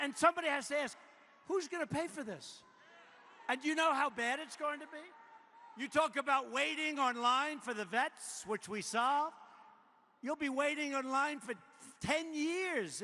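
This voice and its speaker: A man's voice: extremely high pitch, sharp tone. Boastful older man at a rally. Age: 70s. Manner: boastful, repetitive, riffing off-script. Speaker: politician addressing a rally. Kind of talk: campaign rally speech. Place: large indoor arena. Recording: echoey arena with long reverb, faint noise.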